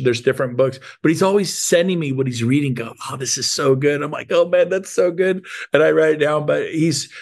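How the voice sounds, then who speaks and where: A man in his fifties hosts a sales meeting with an emphatic, emotional motivational style, heaping praise on his guests. His voice carries a gravelly edge, sitting at a middle pitch. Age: 50s. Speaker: host of a real estate sales meeting. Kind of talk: motivational talk.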